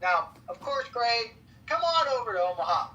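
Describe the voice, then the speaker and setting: A young man bantering and mocking people on a live audio chat, joking loudly with sudden outbursts. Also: very high-pitched, very animated, normal speed, far from the mic, lo-fi sound. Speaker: chat room participant.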